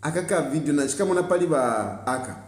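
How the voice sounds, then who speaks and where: Combative Zambian man, high lively voice. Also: fast. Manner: combative, scolding, repeats phrases for emphasis. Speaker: political commentator host. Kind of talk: political commentary monologue. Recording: roomy echo.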